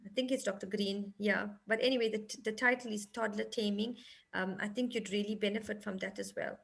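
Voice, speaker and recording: A woman's voice: mid-range voice, brisk, gravelly, slightly rough. A woman family counselor giving parenting advice in a panel discussion, acting out little scenes as she explains. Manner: animated, acts out parent and teddy bear lines.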